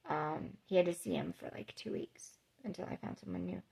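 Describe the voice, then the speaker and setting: Woman vlogger, a bit gravelly, emotional storytelling, lots of ums. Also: on the low side, normal speed, darkish tone. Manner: emotional, conversational, many fillers. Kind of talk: personal storytelling.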